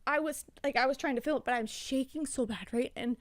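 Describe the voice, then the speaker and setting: A woman's voice: high-pitched, a little fast, dry recording. A young adult woman, a podcast guest, telling a story in a rambling, profane way with lots of "like" fillers. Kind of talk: casual storytelling.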